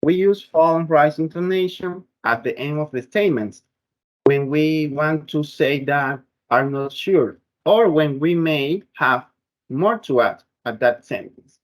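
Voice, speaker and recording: A man presenting a class project on English sounds, explaining slowly and carefully with frequent restarts. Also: a little high, rough recording. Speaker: student presenter.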